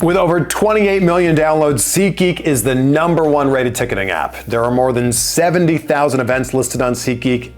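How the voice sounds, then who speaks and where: A man hosting an interview show, asking relaxed questions and delivering an upbeat sponsor read. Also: on the high side. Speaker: interview host.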